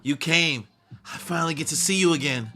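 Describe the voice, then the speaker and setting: A man's voice: on the high side, brisk, sharp tone, a little hiss or hum, pitched above the performer's own voice. A man voicing a gushing young woman. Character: earnest, tender young woman reunited.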